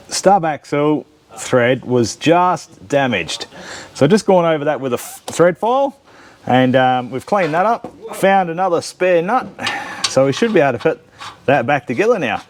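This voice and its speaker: A man with an Australian accent, chatting and joking casually while working on a car in his shed. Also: fairly high pitch. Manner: jokey, teasing, chatty. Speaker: channel host. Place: home shed workshop.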